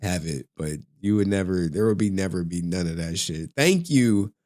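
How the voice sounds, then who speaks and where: A man's voice: sits low, lively intonation, moderate pace, darkish tone. A man in his forties hosting a casual livestream, swearing often, laughing through his words and getting emotional. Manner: profane, laughing, emotional, slangy. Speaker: livestream host.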